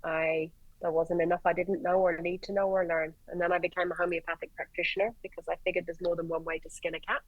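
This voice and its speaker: An Irish woman, a paramedic guest, telling stories in a lively way, swearing and acting out the dialogue. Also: on the low side, quick pace, few pauses, no room sound, narrow, tinny audio. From Ireland. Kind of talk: animated storytelling in conversation.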